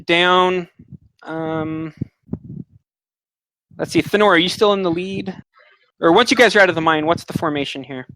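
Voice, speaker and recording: Guy at a d&d table, bright punchy voice, goes all gallant in character. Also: on the high side, moderate pace, pauses often, no echo, poor audio. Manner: earnest, slips into gallant in-character speech. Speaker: player. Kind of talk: casual tabletop play.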